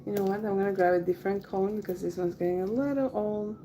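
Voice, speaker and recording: A woman chatting casually during a henna livestream, relaxed and chatty, trailing off as she concentrates and laughing often. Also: medium pitch, a little fast, a little hiss or hum, low-quality recording. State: has the hiccups. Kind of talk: casual chat while working.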